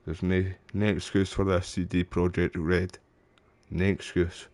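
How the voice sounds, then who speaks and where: Streaming a game live, this Scottish man keeps up a running commentary, growing frustrated and calling his audience mate and bro. He sits low with a level, slightly mellow tone, speaking unhurriedly with no room sound.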